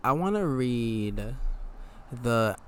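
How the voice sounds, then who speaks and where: A tired man with a nasal voice, hosting a podcast. He talks in a casual, reflective monologue and reads affirmations aloud in a low, laid-back way. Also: sing-song, very slow, clean tone. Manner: low, laid-back delivery with mild swearing. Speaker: podcast host.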